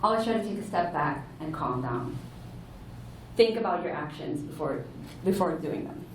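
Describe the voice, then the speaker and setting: A woman's voice: low voice, lively intonation, moderate pace, distant mic, a little hiss or hum. A woman giving an earnest, explanatory conference talk to a room, sometimes correcting herself mid-sentence. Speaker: conference speaker. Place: large conference hall. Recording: echoey hall, heard from afar.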